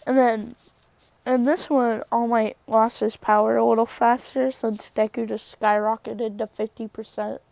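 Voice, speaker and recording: Brief: woman rambling through a fan story, slow and slightly high, dry close sound. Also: level tone, gravelly, a little mellow, no room sound. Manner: rambling, self-correcting. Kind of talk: casual fan story retelling.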